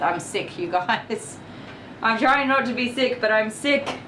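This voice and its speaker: A woman with an Australian accent, chatting casually on a livestream while grooming a dog, thanking viewers and coaxing the dog gently. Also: fairly high pitch, expressive, takes it slowly. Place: indoor dog grooming room. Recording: echoey, distant, noisy room.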